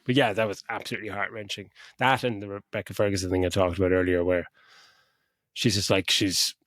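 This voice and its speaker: Lower-voiced man, dry sound. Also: little pitch movement, a little fast, a bit bright, no echo. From Ireland. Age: middle-aged. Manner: laid-back, swears freely, retells scenes. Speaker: podcast co-host. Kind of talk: casual film review chat.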